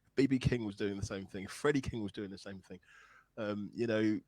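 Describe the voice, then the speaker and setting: A man's voice: fairly low pitch, fairly quick, darkish tone, rough recording. A man, a guest songwriter and blues musician, talking thoughtfully and earnestly in a conversation. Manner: earnest, thoughtful, searching for words. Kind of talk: reflective conversation.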